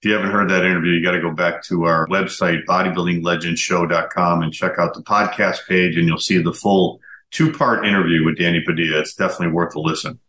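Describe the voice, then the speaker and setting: A man with a very low voice hosting a podcast, asking questions and introducing recorded clips. He chimes in with quick affirmations. His voice carries a roomy echo. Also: fairly even intonation, pushed and bright. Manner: affirming listener with quick interjections. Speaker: podcast host. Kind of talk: podcast interview and narration.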